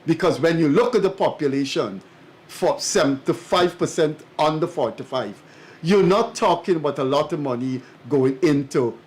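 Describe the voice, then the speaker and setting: A man co-hosting a talk show, speaking in a slow, measured, emphatic way, like an academic. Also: on the high side, darkish tone. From Guyana. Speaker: co-host and commentator. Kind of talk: studio talk show commentary.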